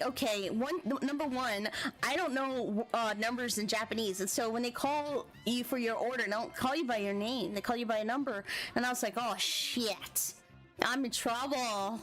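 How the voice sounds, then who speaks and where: An American woman telling a travel story in casual, chatty vlog talk, giggling often and animated. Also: on the high side, normal speed, soft background music. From United States. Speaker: vlogger.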